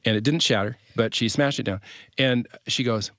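A middle-aged man sharing a marriage story as an interview guest, animated and playing out the quotes. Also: medium pitch, normal speed, dry recording, studio quality.

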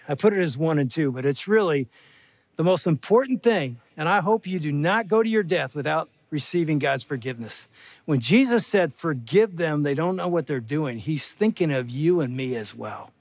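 A man's voice: on the high side, dry recording. An older man, a pastor, preaching a conversational sermon with earnest, rising emphasis.

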